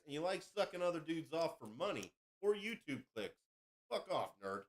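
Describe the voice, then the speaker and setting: A man's voice: on the high side, lively intonation, moderate pace. A man hosting a podcast, telling a rowdy story in a crude, boastful, casual way. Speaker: podcast host.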